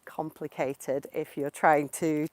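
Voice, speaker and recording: A woman's voice: sits low, little pitch movement, a little mellow, dry recording. A woman, answering viewer questions in a casual live-stream lesson while walking outdoors in the countryside. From England. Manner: slow, clear and explanatory, answering viewer questions. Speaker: English teacher. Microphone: portable mic while walking.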